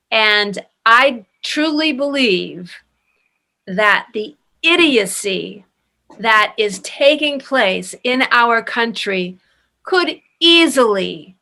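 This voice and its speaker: A middle-aged woman from France telling stories in a casual interview, animated and given to restarts and emphatic stresses. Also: medium pitch, vocal fry. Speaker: actress interviewee.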